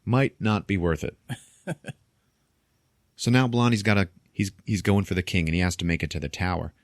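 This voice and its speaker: Man, podcast host, low voice, casual film recap, laughs a lot, swears, very dry close sound. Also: normal speed, no echo. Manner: animated storytelling, frequent laughter, swearing.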